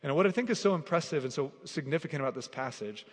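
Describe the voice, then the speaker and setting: A man's voice: a little high, expressive, fast. A man preaching a sermon as pastor, earnest and conversational, often saying "like", building to emphatic repeated declarations. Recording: long hall reverb.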